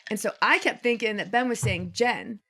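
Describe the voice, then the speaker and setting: A woman's voice: fairly high pitch, normal speed, bright, forceful tone, breathy edge. A young woman co-hosting a podcast, telling a rambling story full of fillers and laughing often. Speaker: podcast co-host. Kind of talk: casual chat.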